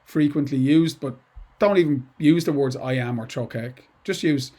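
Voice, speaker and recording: Middle-aged guy teaching english, rambly and informal, keeps going off on tangents, mid-pitched voice. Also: normal speed, warm tone. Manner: chatty and digressive, with asides and restarts. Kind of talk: informal lesson to students.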